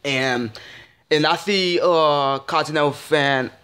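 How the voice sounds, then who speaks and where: A man's voice: fairly high pitch, takes it slowly, a bit bright, clear, resonant tone. Frustrated young man ranting with stumbling repeats. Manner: frustrated, repetitive, swearing, stumbling restarts. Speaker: vlogger. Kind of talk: casual ranting vlog.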